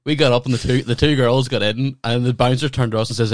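A man's voice: mid-range voice, quick pace, few pauses, dry recording, studio quality. A man, a comedian and podcast co-host, telling rambling, profane stories in a casual chat over a video call.

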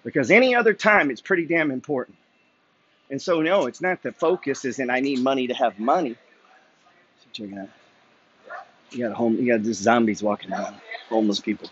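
A man's voice: medium pitch, brisk, pauses often, fairly bright tone, dull audio, slight background noise. A man ranting bluntly and profanely while walking city streets, preaching a motivational walk-and-talk monologue. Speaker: vlogger. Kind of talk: walking-and-talking motivational rant.

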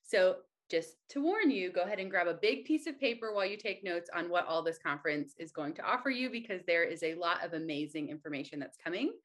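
Woman, podcast co-host, excitable, chatty, self-deprecating. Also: lowish voice, quick pace, hardly any pauses. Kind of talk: casual podcast chat.

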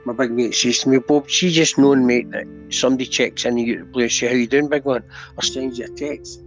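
A man's voice: mid-range voice, steady tone, a little fast. A middle-aged Scottish man, a podcast guest telling his story in earnest, casual talk, always asking if you know what he means. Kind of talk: candid conversational storytelling. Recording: dull lo-fi audio with faint music.

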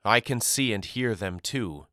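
A sorrowful, guarded mother, as a male narrator reads her part, quiet and measured with a sharp edge. The storybook voice sounds low, bright and crisp. It is recorded dry and close, with no room sound. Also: expressive, dry recording. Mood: somber. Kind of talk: audiobook character reading.

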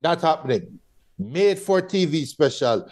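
A Jamaican man talks up his bold predictions with playful swagger. His voice sits slightly high, and he keeps it casual and chatty. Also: animated, a little slow, a little mellow. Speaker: sports show panelist. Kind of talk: casual sports chat.

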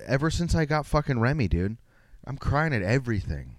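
A man's voice: medium pitch, very animated, normal speed, a little mellow, dry recording. A young man hosting a solo podcast, rambling casually with lots of swearing and self-mocking asides. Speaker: podcast host.

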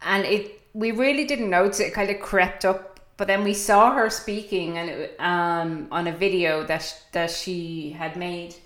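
A woman's voice: fairly low pitch, fairly even intonation, moderate pace. A middle-aged Irish woman hosting a podcast, chatting casually and telling stories with animation. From Ireland. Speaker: podcast host. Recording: echoey room.

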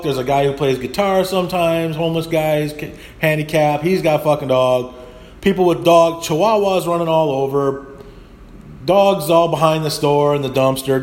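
A man's voice: a little high, darkish tone. A middle-aged man hosting a podcast, delivering a blunt, profanity-laced casual monologue that builds into rants. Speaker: podcast host.

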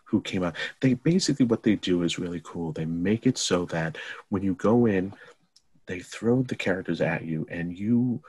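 Deep, husky man chatting loosely. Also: moderate pace, a little mellow. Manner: rambling, many fillers and restarts. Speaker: podcast host. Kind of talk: casual film chat.

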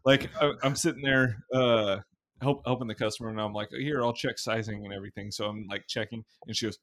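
A young man hosting a podcast, telling crude stories in casual, animated chat and swearing often. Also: lowish voice, a little fast. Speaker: podcast host.

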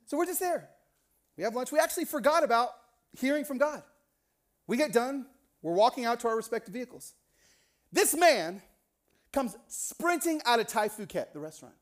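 A middle-aged male pastor preaching a sermon, telling a story and acting out the people in it with lively voices. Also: extremely high pitch, a little fast. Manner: animated, acts out the people in his stories.

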